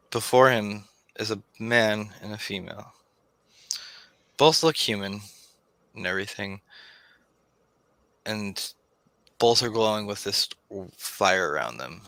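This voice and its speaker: Slow gravelly male game master. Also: lowish voice, bright, forceful tone, dry recording. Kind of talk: narrating a tabletop game stream.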